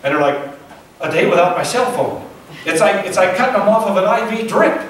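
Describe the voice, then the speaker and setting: A man's voice: sits high, expressive, a little fast, a bit bright. A male pastor preaching a sermon in a folksy, conversational way, asking his listeners questions. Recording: echoey church sound from a distant mic.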